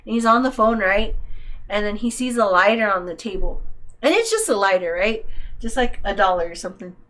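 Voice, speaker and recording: Speaking briskly in a mid-range voice, a young woman co-hosts a podcast and recounts a story. Her delivery is animated and sweary, and she acts out the quotes of people involved.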